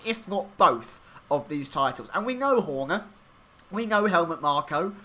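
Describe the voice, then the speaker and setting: A man co-hosting a podcast, talking through his racing analysis in a rambling, animated way with many fillers. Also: fairly high pitch. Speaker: podcast co-host. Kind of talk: casual motorsport podcast chat.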